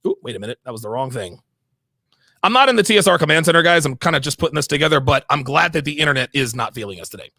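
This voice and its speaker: A man reacts to a clip on a live stream, teasing and repeating his points. His voice sits high and swings widely in pitch, with a bright, gravelly edge. It is recorded close and dry. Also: sing-song, rapid-fire, no room sound. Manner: sarcastic, repeats himself, laughs often; mimics the woman in a low mumbling voice. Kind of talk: mocking reaction commentary.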